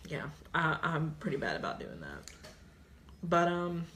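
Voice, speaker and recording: A woman's voice: low-pitched, very animated, measured pace. A woman co-hosting a casual chat, talking earnestly about her feelings and often trailing off. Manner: earnest, soft-spoken, trails off. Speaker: co-host, partner.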